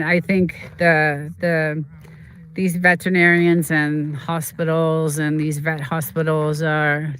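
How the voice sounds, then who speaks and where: A livestream host in casual chat who tells rambling, halting stories full of fillers and answers chat comments. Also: medium pitch, a bit bright, clear, resonant tone. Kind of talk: casual chat while streaming a game.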